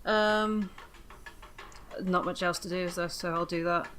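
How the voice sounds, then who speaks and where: A woman's voice: lowish voice, fairly even intonation, unhurried, a bit bright, slight background noise. A woman playing a tabletop game, making short, playful remarks. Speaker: player.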